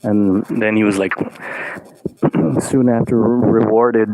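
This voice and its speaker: A man's voice: on the low side, fairly even intonation, slow pace, creaky, mellow, no echo, rough recording. A man vlogging in a loose, meandering monologue, full of "like" and casual swearing.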